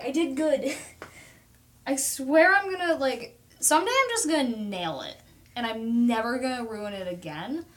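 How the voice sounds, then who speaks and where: A young woman chatting casually on a livestream while she paints, talking through her process, reading viewer comments aloud and poking fun at herself. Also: a little high. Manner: chatty, self-deprecating, reads out viewer comments.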